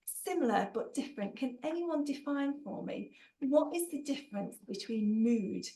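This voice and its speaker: A woman's voice: high-pitched, animated, moderate pace, warm tone, rough recording. Upbeat jokey woman trainer. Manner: upbeat, jokey, reads out participants' chat answers. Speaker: workshop trainer. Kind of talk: online training webinar.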